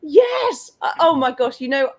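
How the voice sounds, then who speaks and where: A woman's voice: high voice, big pitch swings, unhurried, a little mellow. A woman hosting a casual video-call chat, giggly and effusive, full of "like". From United Kingdom. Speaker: host.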